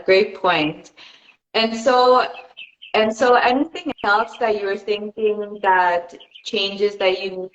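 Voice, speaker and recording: A woman's voice: medium pitch, reverberant, lo-fi sound. A woman podcast host asking questions in a casual interview, chatty and encouraging, with many "like" fillers.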